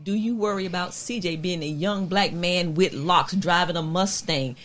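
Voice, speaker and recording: A woman co-hosting a casual podcast who asks her guests questions and keeps things moving with quick "okay"s and "right"s. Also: on the low side, fairly bright tone. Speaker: podcast co-host. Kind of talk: casual chat.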